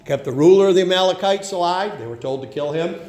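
A middle-aged man with a drawl preaching a sermon in a folksy, emphatic manner. His voice sits a little high for a man. He swings between loud, driving bursts and low, intense murmurs, and it all rings around a very echoey room. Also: quick pace.

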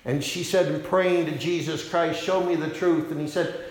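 Fervent preacher in an echoing church. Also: male voice, a little high, steady tone, normal speed. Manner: fervent storytelling, swings from loud declaring to hushed quoting. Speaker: pastor. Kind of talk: revival sermon preaching. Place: large church sanctuary. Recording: very echoey church hall reverb.

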